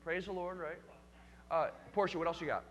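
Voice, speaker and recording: A man's voice: a little high, fairly even intonation, fairly quick, a bit bright, in a large hall. A man leading a church youth group, teaching in an engaging way and calling on the young people by name with questions.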